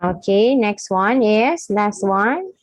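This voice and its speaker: A woman's voice: medium pitch, animated, slow, no room sound. A woman teaching an English lesson one-on-one, patiently coaxing her student and giving short praise. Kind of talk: online one-on-one language lesson.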